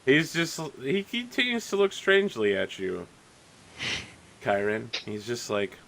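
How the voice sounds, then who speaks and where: A man's voice: medium pitch, huge pitch swings, measured pace, creaky, a bit bright. A man narrating as game master in a casual, matter-of-fact way.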